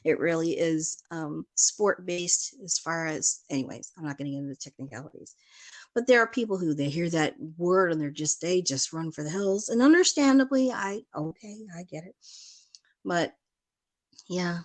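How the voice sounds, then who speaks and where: A woman's voice: on the low side, normal speed. A woman from Chicago chatting casually as a guest, rambling in a stream-of-consciousness way and laughing often. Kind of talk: casual chat.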